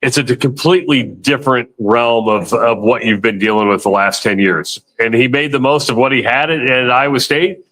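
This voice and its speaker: A man's voice: medium pitch, fairly even intonation, moderate pace, few pauses, a bit bright. A man hosting a sports radio show, talking casually and with strong opinions, often repeating a word as he starts a thought. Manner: opinionated, loose, repeats words when starting.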